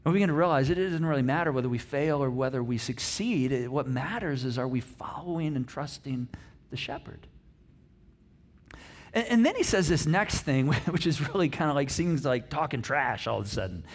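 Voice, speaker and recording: A middle-aged man preaching a conversational sermon, animated and acting out the quotes he tells. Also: mid-range voice, normal speed. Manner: conversational, animated, acts out quotes, frequent restarts. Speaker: pastor.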